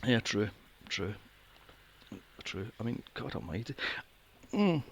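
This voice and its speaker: A man's voice: lowish voice, big pitch swings, slow pace, gravelly, a little hiss or hum. A man hosting a casual film review podcast, sarcastic and swearing freely. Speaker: podcast host.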